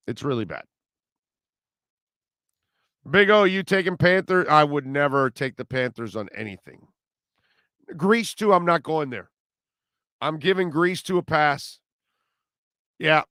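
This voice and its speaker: A man's voice: fairly high pitch, pushed and bright, no room sound, clean studio sound. A man hosting a sports radio show, rambling and joking loosely about old movies. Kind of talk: casual sports talk.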